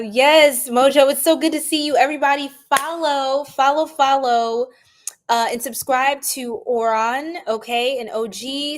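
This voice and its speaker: A young woman hosts a casual reading livestream, talking straight to her viewers. Her voice is upbeat and a touch high, chatty and warm toward the people she calls out by name. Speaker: tarot reader livestream host.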